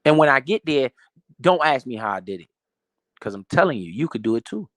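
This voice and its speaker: A man's voice: mid-range voice, big pitch swings, brisk, fairly bright tone, no echo, clean studio sound. A man giving a profane, emphatic motivational rant about money in a casual way. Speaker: motivational finance streamer.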